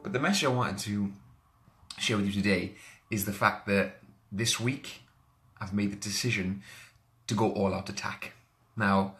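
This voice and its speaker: A man's voice: lowish voice, pushed and bright. A man, talking energetically in a live video as a motivational coach and greeting viewers by name. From Wales. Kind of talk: live social media video.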